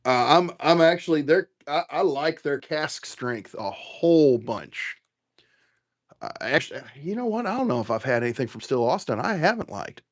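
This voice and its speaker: A man's voice: on the high side, expressive, normal speed. Profane rambling man tasting whiskey. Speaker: bourbon livestream host. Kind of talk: casual livestream chat, tasting and reading comments.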